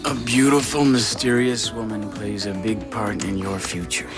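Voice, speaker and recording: A man's voice: lowish voice, little pitch movement, normal speed, music in the background, lightly acted. An actor playing a flirtatious, sarcastic man in a daytime soap opera. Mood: teasing. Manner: teasing and sarcastic. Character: teasing, flirtatious man, sarcastic business partner. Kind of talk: 1990 daytime soap acting.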